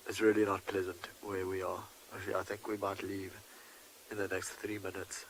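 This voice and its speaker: A man's voice: low voice, little pitch movement, normal speed, slight background noise, poor audio. A man giving live safari commentary in a conversational, wry way. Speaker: safari guide.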